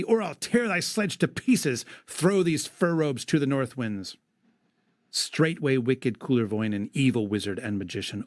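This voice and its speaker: Male podcast co-host, mid-pitched, reads epic verse with flair and casual asides, dry close mic. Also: dry recording. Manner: dramatic recitation broken by wry asides. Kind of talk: reading an epic poem aloud with commentary.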